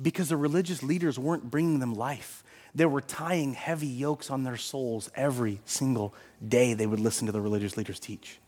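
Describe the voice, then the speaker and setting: Speaking briskly at a medium pitch, this middle-aged pastor gives a lively sermon, dramatizing Bible scenes and breaking into the occasional shout.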